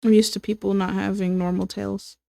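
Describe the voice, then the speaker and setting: A woman's voice: medium pitch, level tone, a little fast, vocal fry, mellow, no room sound, clean studio sound. A young woman chatting casually as she draws on a stream, rambling with lots of fillers and breaking into laughs. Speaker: streamer and illustrator. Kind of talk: casual chat while drawing.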